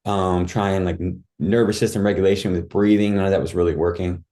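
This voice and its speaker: A man's voice: low-pitched, steady tone, a little fast, mellow. A man guest on a podcast, telling his life story in a candid, rambling way with many fillers and restarts. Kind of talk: casual storytelling.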